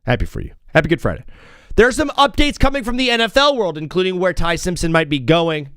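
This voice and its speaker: A man hosting a live sports talk show, rambling and joking in an excitable, casual way. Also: sits high, fast, clear, resonant tone, dry recording, studio quality.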